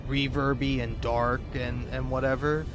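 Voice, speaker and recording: A man's voice: medium pitch, little pitch movement, a little slow. A young man chatting casually as he plays and comments on a game, rambling with many restarts and swearing. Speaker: YouTuber, gameplay commentator. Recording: game music behind.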